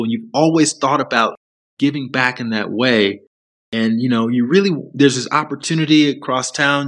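A man speaking as a podcast guest, explaining ideas in an earnest, steady, reflective way. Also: mid-range voice. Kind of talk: reflective interview talk.

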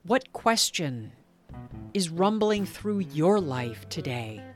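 A woman podcast host in gentle, contemplative narration and reflective conversation. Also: lowish voice, sing-song, slow, faint music behind.

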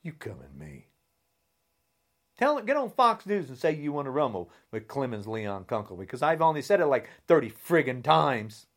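A man delivering a heated, insulting rant straight to camera, swinging between shouting and a low, menacing growl. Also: very animated, moderate pace, hardly any pauses. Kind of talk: angry political rant to camera.

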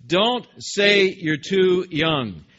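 A man acting out a fatherly divine voice, stern and emphatic in a parental tone. The delivery is slow and bright, with a slightly husky timbre. It sits on a dull, lo-fi recording. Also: high voice, animated, voice pushed up, heavily acted.

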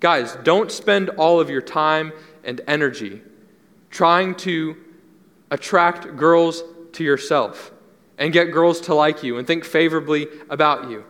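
A man's voice: a little high, measured pace, a bit bright. A young adult man preaching a sermon as pastor, earnest and conversational, repeating key phrases for emphasis. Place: church hall. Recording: long hall reverb.

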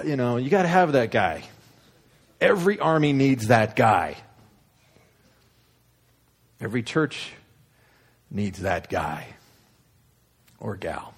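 A man preaching a sermon, retelling a story in an animated, humorous, conversational way. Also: medium pitch, slow pace, long pauses, breathy edge. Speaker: pastor.

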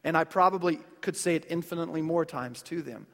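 A man in his thirties delivers a church sermon with a relaxed, conversational feel. He keeps his voice fairly high, and he often turns to his listeners with questions. A long echo from the big hall trails after his words. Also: fast talker, creaky. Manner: conversational preaching with illustrative stories and rhetorical questions. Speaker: pastor. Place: church sanctuary.

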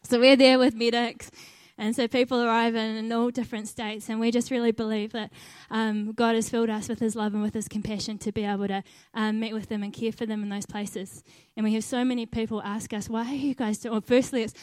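A woman's voice: a little high, level tone, fairly quick, few pauses, darkish tone, smooth, no room sound. Earnest woman telling a story, dry close sound. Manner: earnest storytelling, laughing at herself. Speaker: volunteer team leader. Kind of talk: personal testimony.

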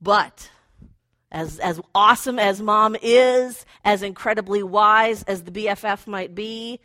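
A woman's voice: mid-range voice, measured pace, bright, forceful tone, no room sound. A woman preaching a conversational sermon who acts out inner voices playfully.

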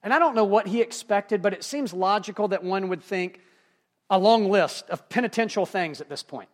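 Male preacher, high-pitched, sermon delivery that drops soft then builds to emphatic runs. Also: moderate pace. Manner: dynamic preaching, swings from hushed to emphatic. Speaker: pastor.

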